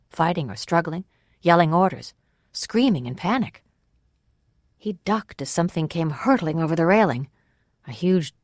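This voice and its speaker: An audiobook narrator reading a novel in first person with measured, even storytelling. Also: mid-range voice, no room sound, studio quality. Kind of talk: scripted narration.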